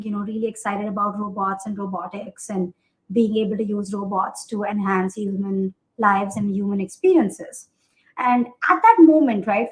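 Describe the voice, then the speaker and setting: Podcast guest, woman in her thirties from India, animated storyteller, fairly high voice. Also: poor audio. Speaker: guest, accessibility product manager.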